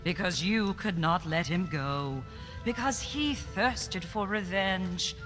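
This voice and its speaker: A woman voicing a cryptic, haughty seer of fate who mocks her visitors in slow, cold pronouncements. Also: fairly low pitch. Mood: mocking. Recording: echoey with music behind.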